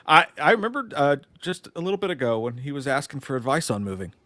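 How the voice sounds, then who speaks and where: A man's voice: fairly high pitch, sing-song, quick pace, fairly bright tone, dry recording. A man co-hosting a live movie news stream, chatting casually, swearing freely, laughing often and reading viewer comments aloud.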